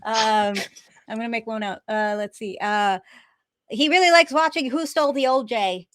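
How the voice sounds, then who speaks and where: A woman's voice: on the high side, normal speed, fairly bright tone, no echo. Playful woman running the game. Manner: playful, laughs often. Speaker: game master. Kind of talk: running a tabletop game on a stream.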